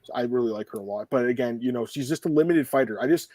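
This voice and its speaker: A man's voice: mid-range voice, fast talker, a little mellow, no room sound. A man hosting a podcast in casual, joking, rambling chat. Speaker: podcast host.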